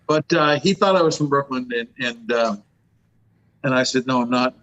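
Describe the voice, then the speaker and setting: A man's voice: medium pitch, normal speed, fairly bright tone, dull audio. A man telling a casual story as a podcast guest. He acts out the other people in his story. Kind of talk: casual anecdote.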